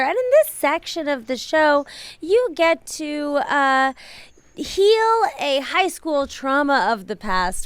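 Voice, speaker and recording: Brief: woman podcast host, high voice, unhurried playful mock-formal delivery. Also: animated, fairly bright tone, no room sound. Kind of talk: casual podcast chat.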